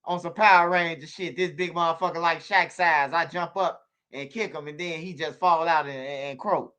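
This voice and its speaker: Animated man telling stories. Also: fairly high pitch, normal speed, smooth. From Chicago. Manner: animated, slangy, repeats himself and stammers on restarts. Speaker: channel host on a livestream. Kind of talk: casual storytelling to viewers.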